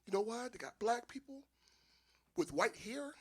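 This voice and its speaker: A Philadelphia man with a very high-pitched voice speaks at a normal speed while doing a stand-up comedy set. He tells loose, animated stories and laughs often at his own jokes in a small live venue with an audience.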